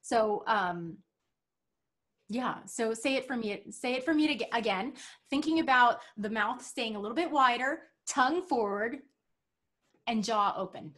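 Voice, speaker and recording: A woman voice coach teaching over a video call, encouraging and giving clear instructions about jaw, tongue and mouth. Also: fairly high pitch, lively intonation, measured pace, a bit bright. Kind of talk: teaching a singing lesson.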